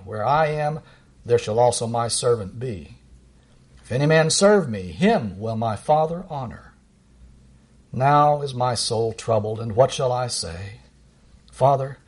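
A middle-aged man preaching a sermon, reading verses aloud with emphatic, rising delivery and slowing down on key lines. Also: animated, slightly rough. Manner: emphatic, rises high when reading verses and slows down.

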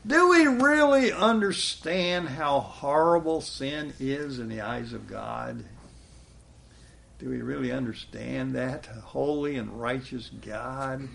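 A man's voice: mid-range voice, expressive, slow, vocal fry, a bit bright. A man preaching a sermon in a folksy way, chuckling often and quoting scripture with rising emphasis.

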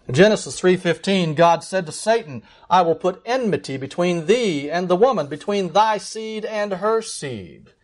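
A man's voice: high-pitched, animated. Emphatic male preacher. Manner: earnest, emphatic preaching, slows for key words. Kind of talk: sermon.

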